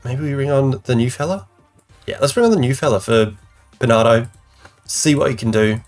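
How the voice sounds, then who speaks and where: Faint music sits behind a gaming YouTuber's mid-range, moderately paced voice as he comments live on his football management game. He calls plays and lets out his frustration in animated, exasperated bursts.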